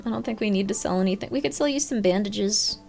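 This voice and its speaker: A woman's voice: medium pitch, fast, creaky, a little mellow, soft background music. A woman streaming a horror game, chatting casually, reading chat and breaking into sudden yelps. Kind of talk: casual live game commentary.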